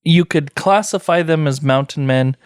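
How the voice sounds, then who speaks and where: A man co-hosts a casual podcast chat with blunt, joking remarks. His voice sits at a middle pitch and sounds close and dry. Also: moderate pace, clean tone, dry recording. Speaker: podcast co-host.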